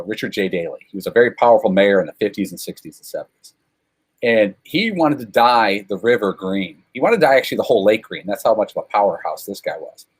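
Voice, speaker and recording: A guest from Chicago, USA, this man casually tells drawn-out, rambling stories at his own expense over a call, peppering them with fillers. His voice sits lowish and husky, and the recording is rough.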